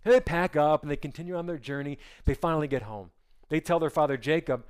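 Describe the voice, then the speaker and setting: A pastor telling a scripture story to his congregation in an animated, conversational way and acting out the characters' lines. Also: on the high side, clean tone. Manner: acts out the characters' lines in quick voices; animated and conversational, with many asides.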